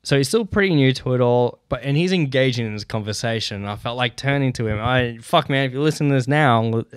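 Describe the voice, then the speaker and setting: A man tells stories on his own podcast, casual and profane, laughing often and getting fired up as he goes. His voice sits at an ordinary middle pitch. The sound is close and dry, with almost no room in it. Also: a little fast, clean tone, dry recording. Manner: swears a lot, laughs between lines, animated rants. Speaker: podcast host. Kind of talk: casual solo podcast storytelling.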